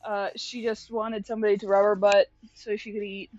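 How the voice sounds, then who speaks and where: A woman's voice: medium pitch, flat delivery, brisk, a little mellow, lo-fi sound. A young woman streaming while she draws, chatting casually, swearing freely and laughing often as she talks to her cat. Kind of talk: casual live-stream chat while drawing.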